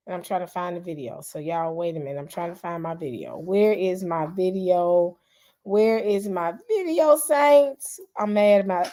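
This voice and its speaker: A woman, chatting casually with her livestream viewers and greeting them by name. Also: fairly low pitch. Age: 40s. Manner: chatty and animated, calls out to viewers, frequent "y'all". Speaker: YouTube channel host.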